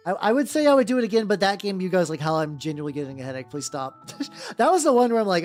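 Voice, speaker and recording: A man's voice: fairly high pitch, expressive, fast. A man streaming casually while he paints miniatures. He rambles, swears freely and often restarts his sentences. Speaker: VTuber streamer. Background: faint background music.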